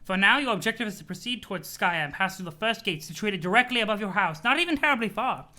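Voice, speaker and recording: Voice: medium pitch, expressive, fast, sharp tone. A streamer voicing a doting old grandmother ghost sprite in a webcomic read-aloud, sweetly patronizing and theatrical. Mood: mock-sinister.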